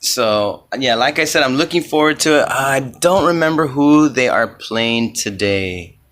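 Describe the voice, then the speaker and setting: A man talks through a solo comedy podcast in a loose, rambling way, with profanity scattered through his speech. His delivery is slow and unhurried, and his voice has a bright, forward tone. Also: medium pitch, animated.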